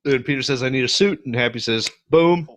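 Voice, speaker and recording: A middle-aged man co-hosting a podcast, casually and profanely retelling movie scenes with lively voices. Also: mid-range voice, a little fast. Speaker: podcast co-host. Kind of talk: casual movie review chat.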